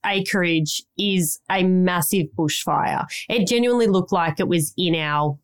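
A woman's voice: lowish voice, measured pace, clean tone. An Australian woman podcast host, rambling through a long story in casual chat and swearing now and then.

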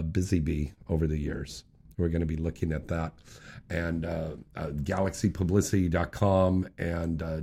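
A male talk radio host with a voice that moves a lot in pitch. He chats loosely, jokes and laughs along with guests and callers. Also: mellow, breathy edge. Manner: loose, joking, laughs often. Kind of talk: casual talk radio chat.

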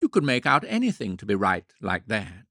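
A man voicing a gentle, affectionate young woman in a read storybook. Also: lowish voice, wildly swooping pitch, normal speed, vocal fry, no echo, clean studio sound, full character voice. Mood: tender.

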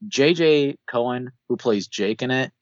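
A man's voice: mid-range voice, unhurried, no room sound, muffled recording. A man co-hosting a film podcast, chatting casually and loosely with a lot of filler words. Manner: loose and conversational, frequent "like" fillers. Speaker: podcast co-host.

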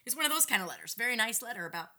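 A middle-aged woman, a podcast guest, telling a story in a casual, indignant and animated way. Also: on the high side, racing. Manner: animated, indignant retelling with lively acted-out quotes.

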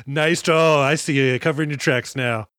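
A man's voice: fairly high pitch, moderate pace, fairly bright tone, no room sound, clean studio sound. A man co-hosting a casual movie podcast, joking, laughing often and acting out lines from the film. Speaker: podcast co-host. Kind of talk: casual movie review banter.

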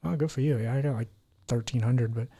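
A man's voice: mid-range voice, fairly quick, mellow, slightly rough. A man hosting a podcast in casual chat, talking in an earnest, heartfelt, rambling way. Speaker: podcast host.

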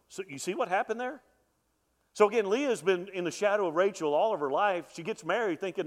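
A middle-aged pastor preaching a sermon, with animated delivery that swells and drops to a hush, often repeating words as he restarts. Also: high voice, fairly quick.

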